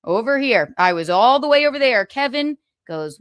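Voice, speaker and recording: A woman's voice: on the high side, expressive, normal speed, few pauses, a bit bright, dry recording. Woman in her thirties, stream host; raised voice, sarcastic and salty, close dry sound. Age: 30s. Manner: sarcastic, profane, laughing asides. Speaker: livestream host. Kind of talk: casual gossip commentary.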